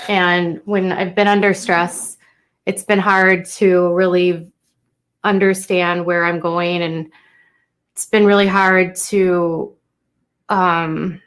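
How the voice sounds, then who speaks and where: Young woman streaming, kinda low voice, lots of ums and restarts, emotional. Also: fairly bright tone. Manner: halting and emotional, many fillers and restarts. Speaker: YouTuber live-streaming to viewers. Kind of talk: unscripted live-stream talk to chat.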